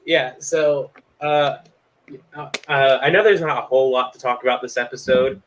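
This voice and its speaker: A man co-hosting a casual fan podcast, rambling with lots of fillers and getting excited. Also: medium pitch, moderate pace, a little hiss or hum, poor audio. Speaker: podcast co-host.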